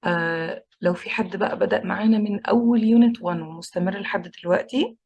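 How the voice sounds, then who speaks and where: Egyptian lady teaching english, slow repeats, a bit of fry in her voice. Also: medium pitch, a little mellow, muffled recording. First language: Egyptian Arabic. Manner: switches between English and Arabic, repeats words slowly to drill pronunciation. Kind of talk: online English lesson.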